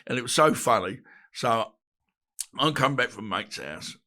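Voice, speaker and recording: Lively, bright-voiced man. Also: mid-range voice, normal speed. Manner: laughing, rambling, swears freely. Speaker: podcast guest. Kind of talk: casual storytelling. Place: podcast studio.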